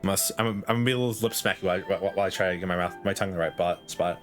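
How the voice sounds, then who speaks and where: A man's voice: low-pitched, racing, fairly bright tone. Guy streaming a game, laughs a lot, rambly, bit of music behind. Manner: giggly, rambling, self-deprecating. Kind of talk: casual game commentary.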